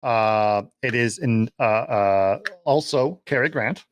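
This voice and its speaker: A man's voice: medium pitch, slight background noise. Rambling man chatting about films. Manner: rambling, halting with many fillers. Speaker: podcast co-host. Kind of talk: casual film chat.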